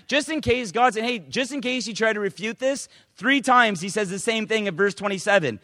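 A man preaching to his congregation, emphatic, rising to loud declarations and dropping to quiet asides. His voice sits high for a man. The sound is dry up close, with a long reverb tail from a church hall. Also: lively intonation, normal speed. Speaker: pastor. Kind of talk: sermon.

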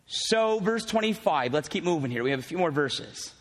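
A male pastor with a high, bright-sounding voice preaches in a conversational, animated way, slipping in teasing asides to his congregation. His voice carries a long reverb from the church hall. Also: moderate pace, few pauses. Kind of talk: sermon with casual asides.

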